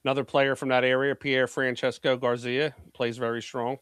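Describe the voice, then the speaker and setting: A brash man from Philadelphia, telling stories with a loose, profane edge. His voice sits at an ordinary middle pitch. The sound is dry and close, with no room around it. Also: little pitch movement, normal speed, fairly bright tone, smooth, no room sound. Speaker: pool media executive, guest. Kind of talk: casual podcast chat.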